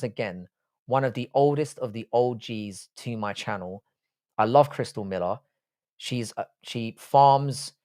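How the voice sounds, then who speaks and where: A man from Cork, hosting a livestream, reading viewer questions and answering them bluntly, with lots of swearing. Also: mid-range voice. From Cork, Ireland. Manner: blunt and heavily profane, shifting between jokes and asides. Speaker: livestream host.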